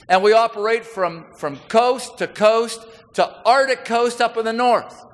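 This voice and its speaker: A middle-aged man, a senior military leader giving a folksy, conversational speech to an audience. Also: high-pitched. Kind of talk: public speech with anecdotes. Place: large hall with audience. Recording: reverberant hall.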